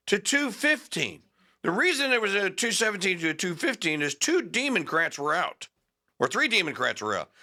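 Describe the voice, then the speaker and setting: A man's voice: a little high, pushed and bright. A man hosting a talk show, reading news aloud with sarcastic, rambling asides and stalling with fillers while he hunts for names. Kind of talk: opinionated talk radio monologue.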